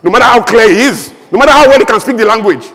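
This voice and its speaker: Guy, high voice, emphatic rhetorical speech at a conference, long hall reverb. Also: lively intonation, very fast, a bit bright. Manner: rhetorical, emphatic, humorous asides. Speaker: conference speaker. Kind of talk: impassioned public speech. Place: large event hall.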